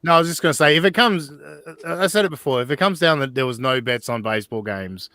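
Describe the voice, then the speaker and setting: A man's voice: a little high, animated, fast, sharp tone, no echo. Man, podcast host, loose profane banter, dry close sound. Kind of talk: casual podcast chat.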